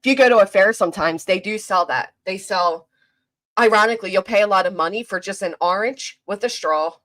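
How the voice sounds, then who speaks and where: A woman with a South Jersey accent hosting a casual livestream, chatting with viewers and reading comments in a fast, clipped, profane, teasing way. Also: mid-range voice, fairly bright tone. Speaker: livestream host.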